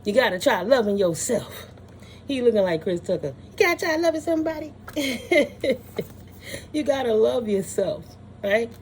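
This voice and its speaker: A woman's voice: on the high side, animated, normal speed, pauses often, a little mellow, a little hiss or hum. Sassy, blunt woman reading tarot. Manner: sassy, blunt, profane, laughs often; scolding, dismissive. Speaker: tarot reader. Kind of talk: casual spiritual reading.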